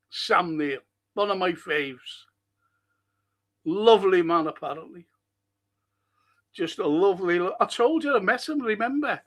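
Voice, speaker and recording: A man's voice: high voice, fairly bright tone. A man hosting a live stream, reading out chat comments and telling rambling stories. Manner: rambling, chatty storytelling with restarts. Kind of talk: casual chat.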